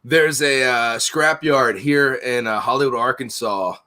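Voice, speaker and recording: A man's voice: medium pitch, a little slow, sharp tone. A man hosting a casual chat, telling rambling, profane stories.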